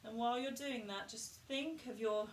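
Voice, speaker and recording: A woman coaching a group through a vocal warm-up, calm and instructive as she models each exercise. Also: a little high, moderate pace, a little hiss or hum. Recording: echoey room, distant mic.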